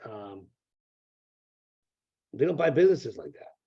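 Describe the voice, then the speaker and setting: A man's voice: medium pitch, very animated, a little slow, vocal fry, breathy edge, muffled recording. A man, a real estate broker, is a guest in a casual interview over a remote call. He rambles, repeats words and swears freely.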